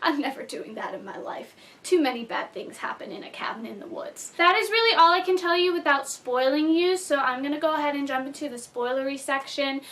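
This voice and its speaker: Bubbly high-voiced woman, giggly. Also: lively intonation, fairly quick, hardly any pauses, a bit bright. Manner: bubbly, chatty, breaks into giggles. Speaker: movie reviewer. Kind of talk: casual movie review vlog.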